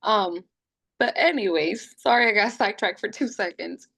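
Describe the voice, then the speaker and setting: A woman sits at home telling her story on a podcast. She talks casually and with energy, and her voice sits at a medium pitch. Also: moderate pace, creaky. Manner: lively, acts out quoted voices. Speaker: podcast guest.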